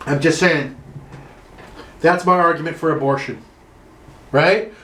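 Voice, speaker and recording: A man's voice: fairly high pitch, a little slow, pauses often, sharp tone, reverberant. A standup comedian man ranting sarcastically from his room, swearing and building into mock outrage. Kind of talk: solo comic rant.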